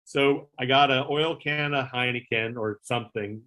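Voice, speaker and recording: A man's voice: medium pitch, moderate pace, sharp tone. A middle-aged man, a former talk show producer, telling a story in a casual interview, acting out the voices he quotes and filling his talk with fillers and swearing.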